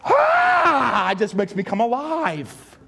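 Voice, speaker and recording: A man preaching a sermon as pastor, animated, acting out voices and shouting at times for emphasis. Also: very high voice, normal speed, noisy background.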